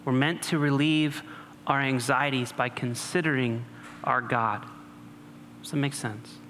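A man delivers a sermon with a bright, forceful voice of middle pitch. He talks to the congregation conversationally and slips in joking asides. The sound carries a long hall reverb and faint background noise. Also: fairly even intonation, measured pace. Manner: conversational preaching with humor and asides. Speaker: pastor.

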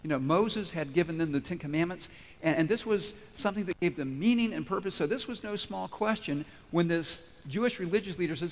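A man's voice: high-pitched, a little fast, long reverb tail, slight background noise. A pastor preaching a sermon to his church, who asks the congregation questions and answers them himself.

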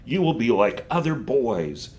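A man's voice: mid-range voice, sing-song, measured pace, a little mellow. A man reading a storybook aloud and voicing a scheming female witch who coaxes and scorns a boy. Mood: coaxing.

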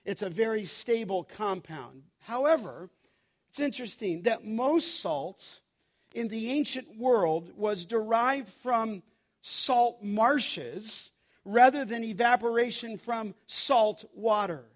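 A man preaching a sermon, building to emphatic, forceful peaks on key lines. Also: high-pitched, expressive, slow. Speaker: pastor.

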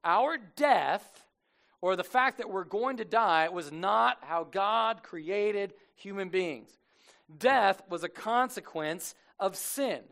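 A man preaching a casual sermon as a lively storyteller, slangy and animated, acting out the people he quotes. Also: high-pitched, measured pace.

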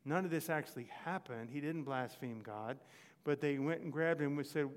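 A man's voice: on the high side, moderate pace, big-room sound. A man preaching a sermon in a conversational way, often stopping to check in with his listeners. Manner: conversational, frequent "okay?" check-ins.

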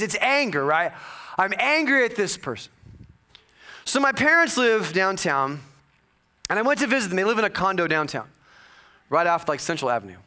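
A male pastor preaching a sermon, telling a personal story with humor and bursts of loud excitement. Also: fairly high pitch. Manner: animated storytelling with jokes and sudden loud bursts.

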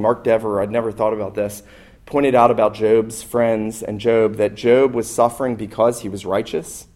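A man's voice: medium pitch, darkish tone. A man preaching a sermon as pastor, earnest and emphatic, asking and answering rhetorical questions.

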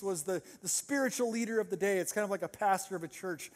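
High-voiced guy preaching a sermon, hams up the sarcastic bits, big echoey church. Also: very fast, hardly any pauses. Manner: animated storytelling, acting out sarcastic voices. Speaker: pastor.

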